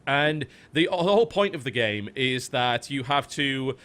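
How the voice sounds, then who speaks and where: A man's voice: medium pitch, animated, measured pace, a bit bright. A man hosting a podcast in a casual chat, recommending games with enthusiasm and frequent swearing. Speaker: podcast host.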